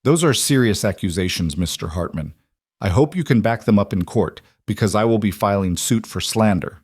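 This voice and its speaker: A man's voice: lowish voice, expressive, normal speed, darkish tone, husky, no echo, clean studio sound. A man voicing a cold, scheming rich villain who speaks in a menacing way.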